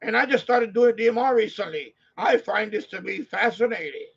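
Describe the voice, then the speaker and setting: New York man doing a slow, self-important old radio ham, high husky voice, lo-fi. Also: animated, fairly bright tone, full character voice. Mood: pompous. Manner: slow, self-important, repeats his boast. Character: older male radio ham, proud and pompous. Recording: slightly dull lo-fi audio.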